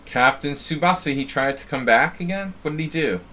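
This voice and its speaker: Thinking out loud over a live-stream chess game, a New Jersey man comments casually and repeats words as he muses. He talks a little fast in a slightly high, sharp-toned voice, with slight background noise.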